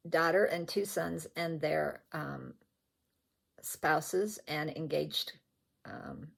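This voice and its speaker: A woman's voice: low-pitched, creaky, husky. An older woman vlogging about her stitching at home, rambling and chatty and often correcting herself as she shows off her threads. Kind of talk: casual show-and-tell chat. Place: at home indoors.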